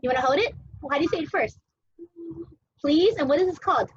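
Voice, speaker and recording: A woman's voice: high-pitched, lively intonation, fast, dull audio. A young woman teacher cooking at home while teaching small children, talking in a playful sing-song way and making animal sounds.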